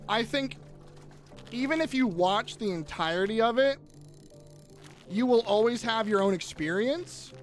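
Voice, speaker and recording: A young man chatting casually on a live gaming stream, jokey and swearing, quick to tear up. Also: high-pitched. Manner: animated, swearing, jokey, easily teary.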